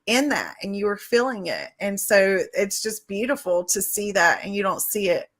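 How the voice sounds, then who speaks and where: A woman on a casual live podcast, speaking earnestly and warmly about her subject. Her sentences run on and on, linked by small fillers. She speaks at an ordinary middle pitch. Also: sing-song, normal speed. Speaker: podcast co-host.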